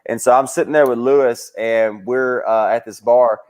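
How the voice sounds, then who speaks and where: A young adult man, a comedian telling fight stories in casual chat. He swears freely and jumps into high voices when he quotes people. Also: fairly even intonation, moderate pace, darkish tone. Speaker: comedian guest. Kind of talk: casual storytelling.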